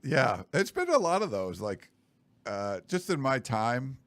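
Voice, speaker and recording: A man's voice: mid-range voice, sing-song, measured pace, a bit bright, no echo. A man co-hosting a sports podcast, chatting casually with dry, teasing remarks. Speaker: podcast co-host.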